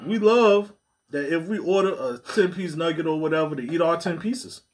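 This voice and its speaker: Man, high voice, casual podcast banter, animated, swearing. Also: moderate pace. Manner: animated, swearing, acts out quotes. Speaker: podcast co-host.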